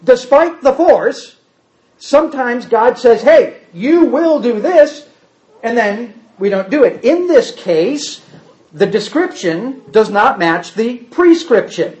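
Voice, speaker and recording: A man's voice: very high-pitched, big pitch swings, takes it slowly, a little mellow, rough recording. A man teaching a Bible class, explaining carefully, repeating key points and adding wry asides.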